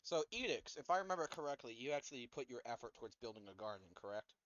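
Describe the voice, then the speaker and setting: A man's voice: medium pitch, lively intonation, quick pace, a bit bright, no room sound, highs cut off. A man acting as game master, making casual rulings in a tabletop game session. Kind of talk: running a tabletop game over voice chat.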